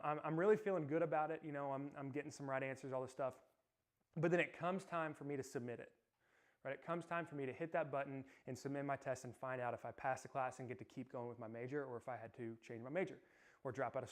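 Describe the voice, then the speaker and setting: Energetic young male youth pastor. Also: a little high. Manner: casual, energetic storytelling with lots of "like". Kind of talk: youth sermon with personal story. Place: youth service room, streamed live.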